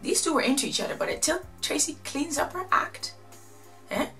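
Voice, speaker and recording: A woman casually recapping and commenting on a reality show, chatty and animated, acting out what the people said. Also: high voice, fairly quick, vocal fry, soft background music. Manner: chatty, animated, quotes people in exaggerated voices.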